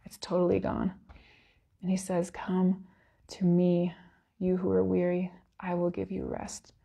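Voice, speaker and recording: Woman with a husky, gravelly voice for a heartfelt church devotional, earnest and near tears. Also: lowish voice, monotone, measured pace, mellow. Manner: earnest, emotional, close to tears. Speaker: worship speaker. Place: church service.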